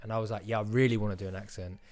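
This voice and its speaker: A man's voice: fairly low pitch, fairly even intonation, very fast, darkish tone. A young man, an actor guest in a casual podcast chat who rambles, restarts often and acts out quotes.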